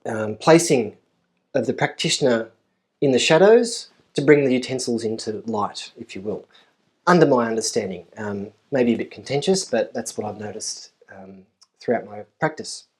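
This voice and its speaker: A man's voice: mid-range voice, expressive. Man giving a thoughtful, hesitant lecture. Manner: thoughtful, with frequent ums and uhs; measured, repeating key phrases for emphasis. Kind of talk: conference lecture. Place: university conference room.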